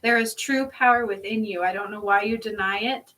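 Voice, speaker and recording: A woman's voice: mid-range voice, fairly quick, fairly bright tone, far from the mic, rough recording. A woman giving a casual spiritual card reading to her viewers, talking emphatically and chattily, swearing now and then and often checking in with "okay?". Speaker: spiritual healer and card reader.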